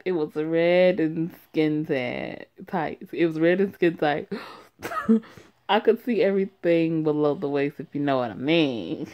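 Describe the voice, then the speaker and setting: A young woman reads her own first-person story aloud in a low, unhurried voice with a darkish tone. She's casual and sassy, giggling often and breaking off to laugh and toss in asides.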